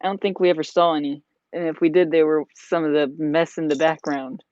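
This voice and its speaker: Rambling hobby vlogger, mid pitch, filler-heavy casual chat, dull lo-fi recording. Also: fairly even intonation, a little fast, a little mellow, dry recording. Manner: rambling, lots of "like" and "you know". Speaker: vlogger building a model. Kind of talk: casual chat while building. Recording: dull lo-fi sound.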